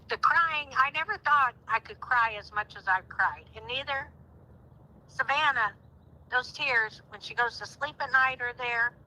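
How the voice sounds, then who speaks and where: Bright-voiced woman, heartfelt and emphatic. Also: fairly high pitch, poor audio. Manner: heartfelt, rising to indignant outbursts. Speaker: guest. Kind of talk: emotional phone-in conversation.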